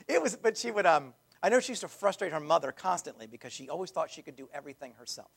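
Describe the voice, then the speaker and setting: Gravelly-voiced man preaching a sermon. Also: fairly high pitch, sing-song, fast, few pauses, fairly bright tone. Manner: conversational preaching with restarts and asides. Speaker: pastor.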